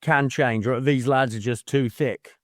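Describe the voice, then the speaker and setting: A man chatting casually as a podcast co-host, dropping swear words and breaking into laughs as he goes. His voice sits at an ordinary middle pitch. The sound is close and dry, with no room around it. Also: fairly even intonation, a little slow, no echo. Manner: swears freely, laughs mid-sentence, mimics people in quotes. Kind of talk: casual book-club chat.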